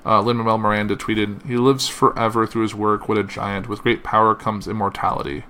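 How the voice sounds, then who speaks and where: On his podcast, a man reads a tribute and quoted messages aloud at a slow pace, with slips and "uh" fillers. He speaks on the low side in a level, bright and forceful tone.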